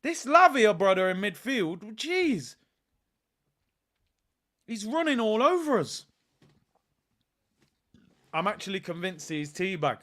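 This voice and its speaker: A man hosting a live football watch-along, chatting to his viewers in slang and bursting into shouts whenever a chance comes. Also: sits high, slow, pauses often. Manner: excitable, erupts into shouts at chances; slangy, chats to stream viewers. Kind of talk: live match reaction commentary.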